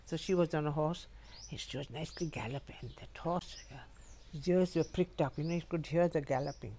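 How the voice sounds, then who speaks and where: There's slight background noise as an older woman with a deep voice talks fairly quickly at home. She spins lively, humorous stories about her life and laughs a lot.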